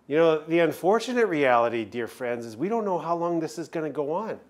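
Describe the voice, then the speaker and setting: A man, preaching a sermon as chaplain, earnest and emphatic with dramatic pauses. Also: a little high, very animated.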